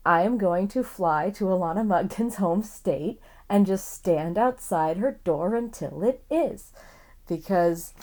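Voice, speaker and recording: A woman talks excitedly about a favourite book series in a loose, rambling vlog review. Her voice is warm and mellow, and she often stops to gush over the characters. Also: mid-range voice. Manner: gushing, enthusiastic, rambling, swears casually.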